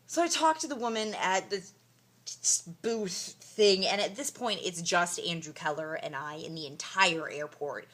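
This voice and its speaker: A young woman vlogging casually from a hotel room, telling a story in a tired, emotional but animated way, full of fillers like "like" and "you know". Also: fairly low pitch, measured pace. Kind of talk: casual vlog to camera.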